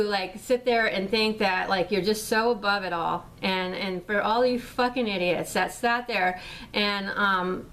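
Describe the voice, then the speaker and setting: A woman's voice: medium pitch, fairly bright tone, rough recording. Heated, swearing middle-aged woman ranting. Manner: rambling, heated, swears constantly. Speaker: vlogger. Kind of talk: angry profane rant to camera.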